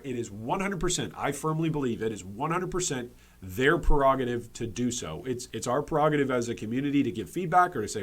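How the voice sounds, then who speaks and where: A man's voice: mid-range voice, big pitch swings, fast talker. A man hosting a gaming commentary video, speaking emphatically and repeating key points for stress, with frequent restarts and fillers.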